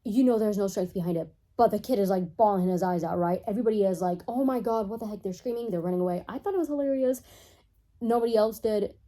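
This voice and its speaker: A woman giving a casual comedic recap of a cartoon, chatty and sarcastic with animated asides. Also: mid-range voice, quick pace. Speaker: commentary YouTuber.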